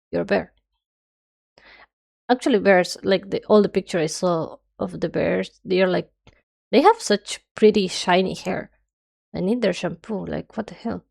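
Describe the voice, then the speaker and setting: Young woman streamer yapping away while drawing, stuffy nose, a bit of vocal fry. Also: on the low side, darkish tone. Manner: rambling, chatty, self-described yapping.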